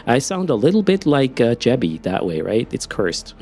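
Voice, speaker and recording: A man's voice: medium pitch, very animated, normal speed, a little mellow, slightly rough, soft background music. A man with a Swiss German accent chatting casually with his live-stream audience while playing, often repeating words as he starts a sentence. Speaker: game streamer.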